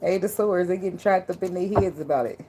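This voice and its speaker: A woman's voice: lowish voice, quick pace, mellow, a little hiss or hum. A woman giving a casual tarot reading in loose slang, blunt and profane, with a lot of laughter. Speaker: tarot reader.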